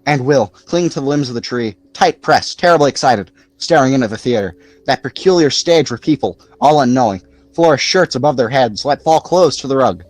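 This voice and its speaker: A man narrating a novel aloud in an expressive, lively storytelling manner. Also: medium pitch, fairly quick, no room sound. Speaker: audiobook narrator. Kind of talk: scripted narration.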